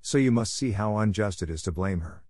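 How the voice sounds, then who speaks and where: A man's voice: fairly low pitch, animated, a little fast, darkish tone, no echo, clean studio sound. A man voicing an eager, dramatic young girl who talks in an earnest, impulsive, pleading way.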